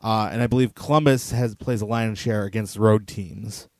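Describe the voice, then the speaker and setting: A man's voice: lowish voice, fairly even intonation, normal speed, darkish tone, no echo. Eager, stammering man on a sports podcast. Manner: eager, stumbles over repeated words. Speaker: podcast co-host. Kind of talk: casual sports chat.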